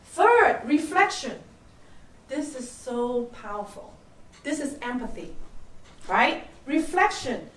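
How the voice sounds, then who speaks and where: An older woman leads a soft-skills seminar in a high, light voice, checking in with the room through constant questions. She is heard from a distance in an echoey room. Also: sing-song, takes it slowly, long pauses, a little hiss or hum. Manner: coaching, peppers with "right?" and questions to the audience. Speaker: workshop speaker.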